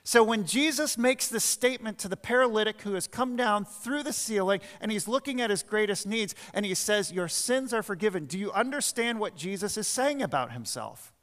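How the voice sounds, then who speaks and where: A man's voice: high voice, lively intonation, normal speed, hardly any pauses. A man preaching a sermon as pastor, telling stories and then driving home his points with emphasis. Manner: storytelling preacher, shifts between quiet asides and emphatic points. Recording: long reverb of a church hall.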